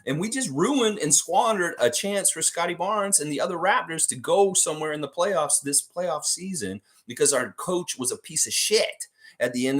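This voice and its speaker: A man's voice: sits high, a bit bright. A man hosting a live sports fan stream, ranting heatedly about coaches, swearing and laughing as he talks.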